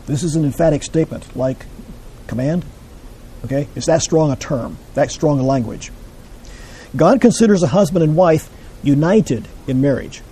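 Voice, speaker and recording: A man teaching a Bible class, explaining scripture in a measured way and putting questions to his listeners. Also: on the high side, dark tone, slight background noise, poor audio.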